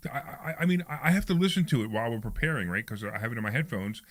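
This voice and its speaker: Fast, animated radio host man. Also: mid-range voice, dry recording. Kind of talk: lively radio talk show banter. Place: radio studio. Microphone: studio microphone.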